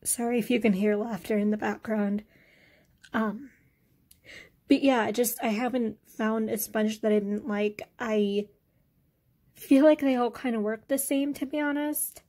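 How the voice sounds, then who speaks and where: Slow, relaxed woman reviewing products. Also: a little high. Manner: relaxed, hesitant, many fillers. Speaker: beauty vlogger.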